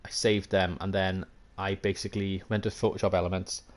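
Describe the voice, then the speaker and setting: Welsh male streamer, lowish voice, chatty running commentary, self-deprecating asides to viewers. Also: flat delivery, fairly quick. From Wales. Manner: thinks aloud, chatty, self-mocking, answers chat. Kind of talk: live gameplay commentary.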